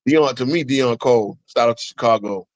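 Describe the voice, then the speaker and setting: A man hosting a casual sports watch-along, excitable and swearing as he reacts to plays. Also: medium pitch, a little fast, low-quality recording. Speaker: livestream host.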